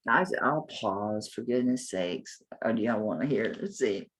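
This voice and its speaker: A woman's voice: extremely low pitch, lively intonation, moderate pace, slightly rough. An older woman selling jewelry on a live stream, rambling and talking to herself as she looks items up, with some mild cursing. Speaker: jewelry seller. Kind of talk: live sale, chatty self-talk while looking up items.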